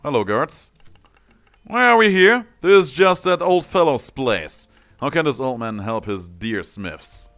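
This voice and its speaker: A man's voice: mid-range voice, sing-song, a little slow, a bit bright, faint music behind, voice pushed up. A man voicing an evasive old hermit who plays dumb, reading game dialogue aloud. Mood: feigning innocence.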